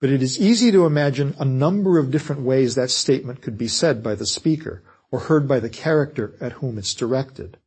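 A man giving a measured, scripted lecture on writing fiction. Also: mid-range voice, darkish tone, slightly rough. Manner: measured, explanatory delivery.

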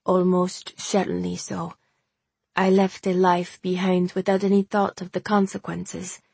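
A woman reading the lines of a tired, frightened man who is a circus clown, speaking weakly in a halting, formal way. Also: fairly low pitch, monotone, creaky, a little mellow, slightly rough, no room sound, full character voice. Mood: weak, haunted. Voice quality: weak voice.

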